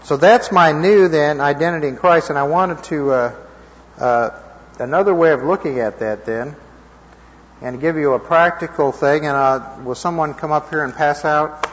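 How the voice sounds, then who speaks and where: A man's voice: a little high, normal speed. Man teaching scripture in an echoing hall. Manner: conversational, checks in with listeners. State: slightly hoarse. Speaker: preacher teaching a class. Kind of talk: informal Bible teaching. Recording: dull lo-fi recording in a reverberant hall.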